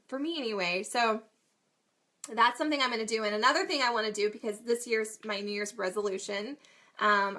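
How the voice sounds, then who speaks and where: A bright, forceful woman in her thirties chats to her viewers like a friend, self-deprecating and quick to laugh. Her voice sits a little high, and she talks in loose, casual runs. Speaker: mom vlogger and coach. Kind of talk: casual talk to camera.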